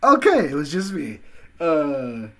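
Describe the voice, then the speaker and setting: A man's voice: a little high, huge pitch swings, slow pace, sharp tone, a little hiss or hum. A young man hosting a casual podcast, rambling with lots of fillers and restarts on a home computer mic. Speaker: podcast host.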